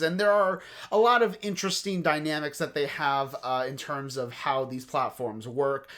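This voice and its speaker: A man's voice: on the high side, normal speed, few pauses, a bit bright. A man hosting a casual podcast chat, tired and laid-back, who chuckles often and uses lots of fillers. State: tired, yawning. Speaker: podcast host.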